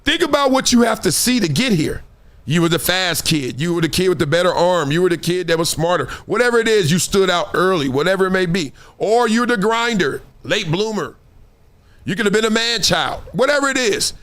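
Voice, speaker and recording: A man hosting a sports talk show, talking in an animated, slangy monologue and acting out what other people say. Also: high voice.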